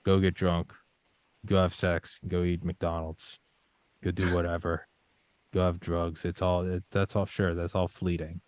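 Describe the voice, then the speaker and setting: A young man with a very low voice speaks in a casual interview, swearing freely and dramatizing his own doubts and determination. The sound is dry and close, with no room echo. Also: flat delivery, a little slow, a little mellow. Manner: intense, swearing, acts out his own panicked inner voice. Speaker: podcast guest.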